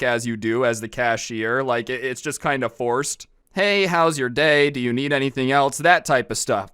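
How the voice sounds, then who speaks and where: A man's voice: mid-range voice, fairly bright tone, clean tone, no echo, clean studio sound. A man telling a storytime in a casual, exasperated way, with sarcastic asides. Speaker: storytime vlogger. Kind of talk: storytime narration.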